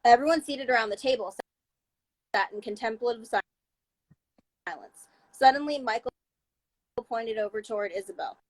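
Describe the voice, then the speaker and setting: A woman's voice: on the high side, moderate pace, long pauses, dry recording, poor audio. A woman reading a novel aloud live over a video call, with small slips and restarts. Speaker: book reader. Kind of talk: live-streamed book reading.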